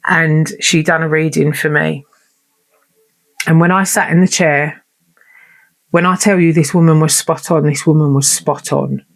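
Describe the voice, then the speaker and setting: A woman's voice: sits low, steady tone, measured pace, pauses often. A woman hosting her own show, telling a personal story in a heartfelt, emotional and chatty way. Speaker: podcast host.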